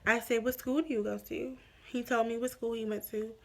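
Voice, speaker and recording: Young woman chatting a storytime vlog, voice sits a bit high, acts out all the back and forth. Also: brisk. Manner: animated retelling with quoted dialogue. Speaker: YouTuber telling a story.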